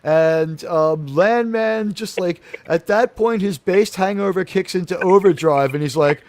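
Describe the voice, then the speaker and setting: A man hosting a casual comedic talk show, animated and rambling, with many restarts. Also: high-pitched, unhurried, hardly any pauses, no room sound.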